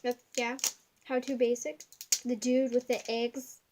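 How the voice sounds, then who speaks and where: A woman's voice: fairly high pitch, flat delivery, unhurried, noisy background. A young woman at home giving a rambling, giggly craft tutorial that keeps drifting off topic. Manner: rambling, giggly, easily sidetracked. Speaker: craft video maker.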